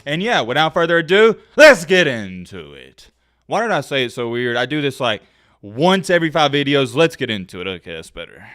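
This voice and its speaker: A man's voice: big pitch swings, fast talker, fairly bright tone, clear, resonant tone. A young man hosting his own channel, ranting brashly and provocatively straight to camera. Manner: brash and provocative, mocking women in a high whiny voice. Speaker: YouTube channel host.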